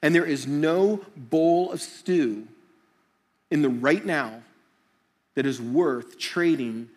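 A middle-aged man preaching a sermon, telling jokey stories and acting out quick voices. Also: a little high. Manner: animated, jokey storytelling with acted-out voices. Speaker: pastor.

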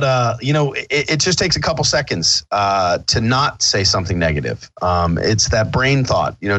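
A man's voice: mid-range voice, fairly bright tone. A man hosting a casual podcast, talking in a rambling, upbeat way with lots of fillers, restarts and casual swearing. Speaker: podcast host.

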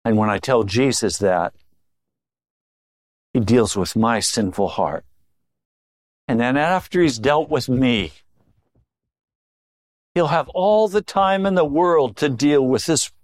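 A middle-aged male pastor preaching a sermon, swinging between low intimate tones and raised emphatic lines. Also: dry recording, clean studio sound.

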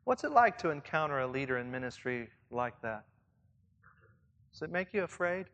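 A man's voice: fairly high pitch, sing-song, moderate pace, a bit bright. A man leading church leaders in a conversational sermon, reflective and asking his listeners questions. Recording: long reverb, as in a hall.

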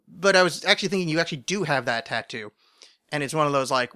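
A man's voice: a little high, quick pace, bright, forceful tone, clean tone. A man hosting a podcast in a casual solo monologue, rambling and self-deprecating, with many restarts and asides. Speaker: podcast host.

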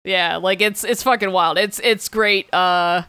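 A man's voice: sits high, fairly even intonation, measured pace, pushed and bright, clear, resonant tone, dry recording. A man co-hosting a casual podcast, rambling with fillers, laughing often and swearing casually. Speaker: podcast co-host. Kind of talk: casual comic book chat.

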